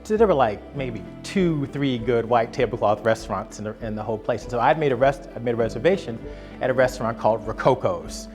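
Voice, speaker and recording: A man in his fifties, with a voice of middling pitch, tells a family story in a casual, conversational way. He animates the story by performing the voices of the people in it, and music plays quietly behind him. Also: lively intonation, brisk. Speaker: guest telling a family story.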